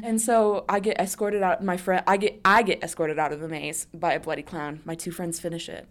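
A woman's voice: on the low side, fairly even intonation, fairly quick, few pauses. A young woman telling a story in a casual, rambling way, full of fillers and blunt swearing. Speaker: interviewee.

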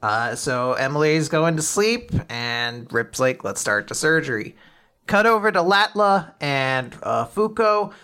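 A podcast co-host casually recapping a manga chapter, rambling with quick asides and laughter. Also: mid-range voice, animated, fairly bright tone, clean tone.

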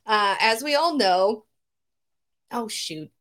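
A woman's voice: on the high side, expressive, slow, fairly bright tone. A woman co-hosting a married couple's podcast in casual chat, giggling often as she talks. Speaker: podcast co-host.

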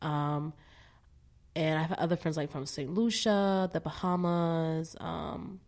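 Young woman on a podcast, kinda low voice, swears a lot, laughs a bunch, goes off on tangents. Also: fairly even intonation, slow pace, darkish tone. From United States, Caribbean American family from Barbados. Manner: candid, swears freely, laughs often, tangents. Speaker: podcast guest. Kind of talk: casual chat.

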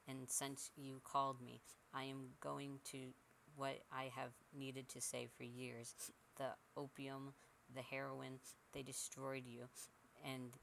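A man's voice: mid-range voice, gravelly, sharp tone, a little hiss or hum, full character voice. A man voicing a curt, contemptuous grown woman in a narrated horror story. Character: cold, bitter grown woman, blunt.

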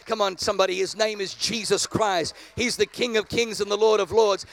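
A man's voice: high voice, steady tone, a little fast, creaky. A man preaching a sermon to a congregation, calling out for responses from the crowd. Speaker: pastor.

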